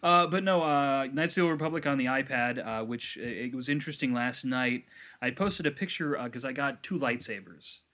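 A man chatting casually as a podcast co-host, telling stories with animated quoted voices and casual swearing. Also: brisk. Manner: animated storyteller, acts out quotes with big pitch jumps; swears casually, many fillers. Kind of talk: casual chat.

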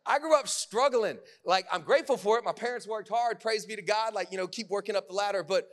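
A man preaching a sermon in a casual, conversational way, full of fillers, swinging from loud bursts to hushed lines. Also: high-pitched, quick pace.

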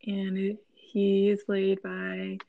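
Young woman, Minnesotan accent, casual podcast chat, gravelly vocal fry, dull dry mic. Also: medium pitch, monotone, very slow. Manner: chatty, filler-heavy, laughs often.

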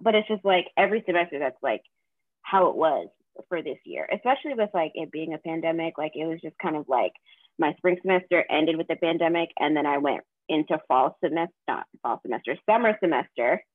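A woman in her twenties from the American South, a counseling graduate student, co-hosting a podcast and chatting casually with lots of fillers and lively retold quotes. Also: deep voice, fairly quick, no echo, narrow, tinny audio. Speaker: podcast co-host. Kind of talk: casual chat.

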